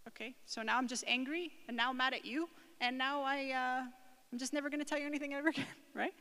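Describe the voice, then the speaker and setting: A woman's voice: sits high, steady tone, quick pace, pushed and bright. A woman giving a conversational parenting talk to a group, often checking in with the room by asking "right?" and "okay?". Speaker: speaker at a parenting workshop. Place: church hall. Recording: echoing hall with long reverb.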